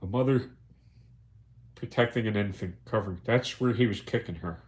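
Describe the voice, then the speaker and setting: A man's voice: lowish voice, moderate pace. Profane, emphatic man telling a story. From United States. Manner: profane, emphatic, repeats words, acts out quotes. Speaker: livestream host. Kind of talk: casual storytelling monologue.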